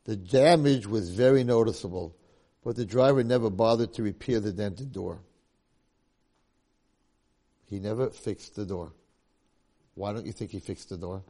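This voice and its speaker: A man's voice: lowish voice, measured pace, pauses often, mellow. A man teaching a religious lecture, telling a moral story and repeating key points for emphasis. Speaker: Torah teacher.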